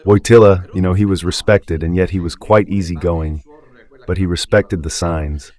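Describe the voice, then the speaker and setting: In a deep, slightly mellow voice with fairly even intonation and a moderate pace, an Italian-accented radio preacher offers passionate religious commentary. He speaks emphatically and rhetorically, often asking his listeners if they get it.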